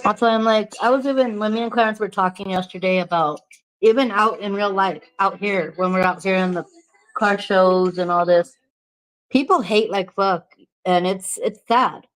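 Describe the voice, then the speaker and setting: A woman's voice: medium pitch, normal speed, soft background music, poor audio. A woman vlogger from New Mexico chatting casually to the camera, candid, swearing freely and laughing often.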